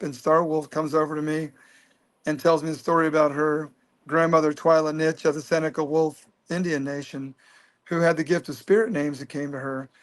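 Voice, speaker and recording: A man in his fifties telling a personal story as an interview guest, earnest and animated. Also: fairly high pitch. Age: 50s.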